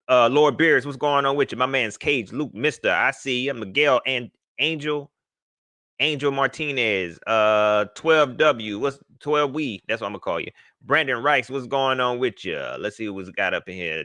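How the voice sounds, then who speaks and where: A man hosting a casual live sports talk stream, animated and shouting out viewers by name. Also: mid-range voice, dry recording, studio quality. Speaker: livestream host.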